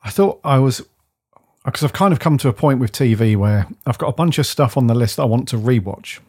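A man from the UK co-hosting a podcast, chatting in a rambling, enthusiastic way and often letting his phrases trail off softly. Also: medium pitch, expressive, a little fast, slightly rough. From United Kingdom. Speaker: podcast co-host. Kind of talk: casual chat.

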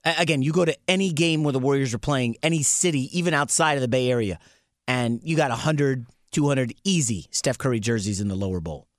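A man's voice: medium pitch, fairly quick, dry recording, studio quality. Eager, gushing male sports radio co-host. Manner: eager, gushing, apologizes for his enthusiasm. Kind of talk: casual sports radio talk.

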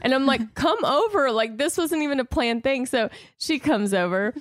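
A woman's voice: high voice, lively intonation, moderate pace, dry recording, clean studio sound. A woman in her thirties co-hosting a podcast, chatting casually and telling stories with frequent laughs. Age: 30s. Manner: chatty storyteller, laughs often. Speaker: podcast co-host. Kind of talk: casual chat.

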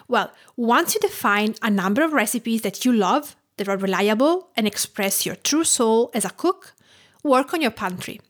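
Podcast host: woman from Tuscany, Italian accent, slightly high voice, measured and instructive. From Tuscany, Italy. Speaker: podcast host and home cook. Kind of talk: scripted podcast narration.

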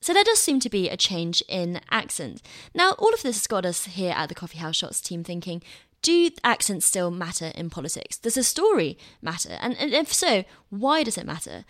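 A woman hosting a political podcast, asking questions in a clear, inquisitive way. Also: fairly low pitch, normal speed. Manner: clear, inquisitive, expressive intonation. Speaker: podcast host.

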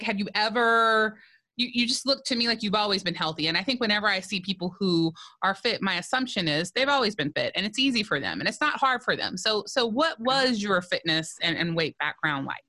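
A woman host with a bright, sharp voice asks candid questions in a playful tone. She hands out cheeky compliments as she chats. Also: medium pitch. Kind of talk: casual interview talk.

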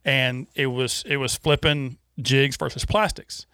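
A man co-hosting a casual fishing talk show, animated and rambling, with many restarts. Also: medium pitch, measured pace, no echo, clean studio sound. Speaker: co-host.

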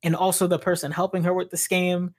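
Low-voiced, blunt woman podcast co-host. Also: level tone, a little fast, slightly rough. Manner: agreeable, chatty, blunt. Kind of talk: casual podcast chat.

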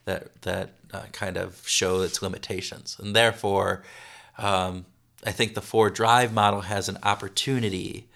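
Gravelly, halting male consultant. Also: sits low, level tone, fairly bright tone. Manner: halting, many restarts and repeated words. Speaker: consultant guest. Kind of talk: interview conversation.

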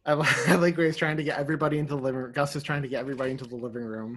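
A man's voice: medium pitch, rapid-fire. A man co-hosting a podcast, chatting casually and acting out movie quotes with energy. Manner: animated, acts out quotes. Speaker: podcast co-host. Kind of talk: casual chat.

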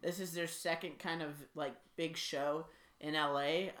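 A woman co-hosting a podcast, chatting casually and teasing her co-host with quick asides. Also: sits low, fairly even intonation, a bit bright. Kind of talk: casual chat.

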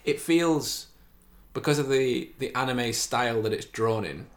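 A man in casual podcast chat, rambling through a story and laughing easily. His voice sits at an ordinary middle pitch, and his telling is loose and chatty. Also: a little slow. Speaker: podcast co-host.

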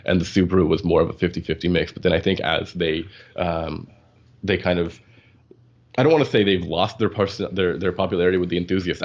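A man co-hosting a casual podcast chat, halting with fillers and restarts and laughing often. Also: low-pitched, muffled recording. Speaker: podcast co-host.

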